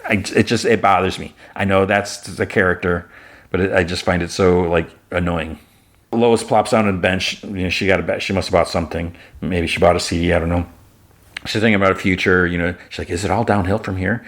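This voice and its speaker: A male podcast host with a very low voice, recapping an episode in a loose, rambling way. He peppers his talk with "like" and "you know.". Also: fairly even intonation, fairly quick, fairly bright tone. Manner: rambling, filler-heavy storytelling.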